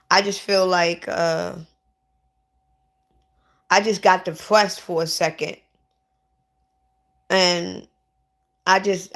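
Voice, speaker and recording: Slow-talking sick woman, bright voice. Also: fairly low pitch. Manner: upset, repeats herself, restarts often. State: sick, lightheaded. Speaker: vlogger. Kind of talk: casual livestream talk.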